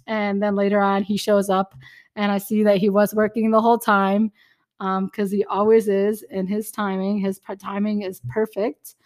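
A young woman co-hosting a casual faith podcast, chatty and animated, acting out little bits of dialogue as she talks. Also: medium pitch, normal speed. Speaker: podcast co-host.

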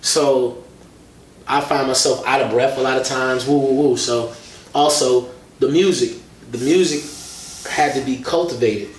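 A man chats as an interview guest, telling lively stories full of slang. His voice sits at an ordinary pitch. He is picked up from a distance in an echoey room, with faint noise underneath. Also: a little slow. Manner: animated storytelling with slang. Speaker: hip-hop artist and guest. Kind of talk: casual interview conversation.

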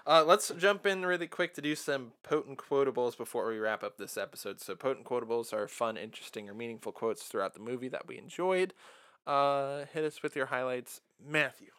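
A man hosting a casual movie review podcast, chatty and animated, often laughing as he retells scenes. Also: medium pitch, brisk. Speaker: podcast host. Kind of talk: casual film-review chat.

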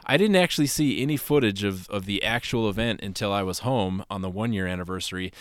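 A man co-hosting a podcast, telling a personal story in a relaxed, rambling way with lots of fillers. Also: lowish voice, fast, clear, resonant tone, dry recording, studio quality. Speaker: podcast co-host. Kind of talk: casual storytelling chat.

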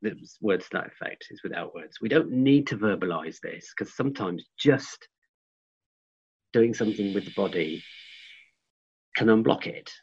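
Lowish voiced guy talking things through slowly, lots of ums, kinda dull lo-fi sound. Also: expressive, breathy edge. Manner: thoughtful, hesitant with frequent ums and restarts. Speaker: guest, forest school trainer. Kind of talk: reflective conversational explanation. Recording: dull lo-fi audio.

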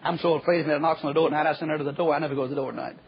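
A man preaching a folksy storytelling sermon, acting out the quoted voices and dropping to a hush at times. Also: on the high side, fairly even intonation, rapid-fire, vocal fry, a little hiss or hum. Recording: muffled lo-fi recording.

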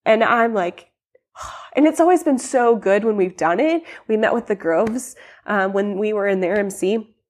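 A woman's voice: mid-range voice, a little slow, a little mellow. A young adult woman telling her personal story in a podcast interview, rambling with many fillers and restarts and acting out quoted lines. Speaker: guest sharing her testimony.

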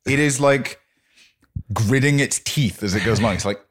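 A man's voice: medium pitch, normal speed. Sweary, rambling male podcast co-host. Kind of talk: casual chat.

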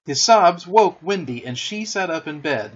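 A man narrating a storybook aloud with expressive, dramatic storytelling, on a muffled lo-fi recording. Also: fairly high pitch, normal speed, slightly rough.

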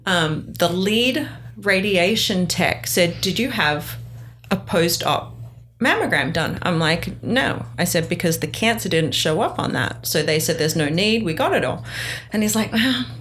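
A middle-aged woman chats casually, telling a story with lively energy. She acts out what other people said as she goes. A little faint noise sits behind her voice. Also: fairly low pitch, unhurried, few pauses. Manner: animated, acts out quoted dialogue. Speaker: guest sharing her story.

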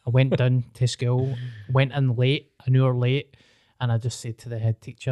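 A man's voice: medium pitch, little pitch movement, normal speed, warm tone, no echo. A young Scottish man telling stories with swearing and laughter in casual podcast chat. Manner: storytelling, swearing, laughing often.

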